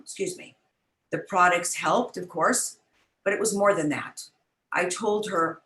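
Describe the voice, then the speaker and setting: A woman's voice: fairly low pitch, unhurried, a bit bright, roomy sound, poor audio. An older woman telling a heartfelt personal story as an interview guest, earnest and chatty, over a video call. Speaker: guest, business founder. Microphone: online event, video call.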